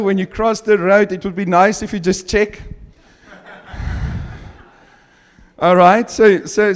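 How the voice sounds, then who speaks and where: A man whose first language is Afrikaans, preaching a sermon and reading scripture slowly and with emphasis, chuckling often between points. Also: high-pitched. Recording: long hall reverb.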